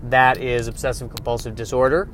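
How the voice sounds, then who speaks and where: A man's voice: medium pitch, little pitch movement, fairly quick, fairly bright tone, slight background noise. Wry rambling man talking while driving. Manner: wry, self-mocking, rambling with restarts. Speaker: podcast host. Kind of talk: solo rambling monologue. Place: car, driving.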